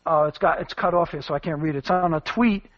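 Guy with a high voice ranting on his show, lots of uhs, dull lo-fi sound. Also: quick pace. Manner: rambling, emphatic, many fillers. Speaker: commentary show host. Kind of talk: casual spoken commentary.

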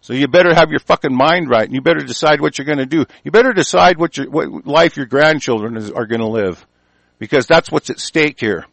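A man delivering an angry, profane political rant, heated and forceful. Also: on the high side, brisk, creaky, no echo, rough recording. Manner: heated, profane, shouting tirade.

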